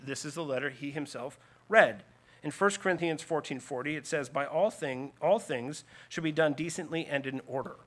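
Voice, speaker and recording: A man's voice: a little high, fairly bright tone. A man preaching a teaching sermon in a slightly raised voice. He explains scripture earnestly, leaning into emphatic lists. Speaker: pastor.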